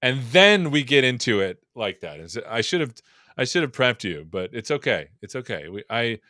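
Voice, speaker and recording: This livestream host has a sharp, medium-pitched voice and speaks at normal speed with very animated delivery. Chatting casually on his tech stream, he pokes fun at himself, and a vocal processor gives his voice an echo.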